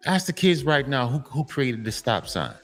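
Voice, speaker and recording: A man delivers a blunt, lecturing monologue to men, hammering the same points again and again and swearing freely. His voice sits at an ordinary middle pitch. Faint music plays softly behind him. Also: big pitch swings, moderate pace. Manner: emphatic and repetitive, lecturing; profane, blunt. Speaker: commentary channel host.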